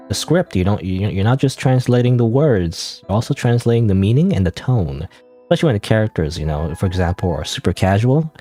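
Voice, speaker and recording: A young man chats his way through a game, reading lines aloud and trailing off into loose tangents. His voice sits low and mellow, and his pitch moves around a lot. Soft game music plays faintly behind him. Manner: rambling, self-interrupting, reads game dialogue aloud. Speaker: streamer. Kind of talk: casual gameplay commentary.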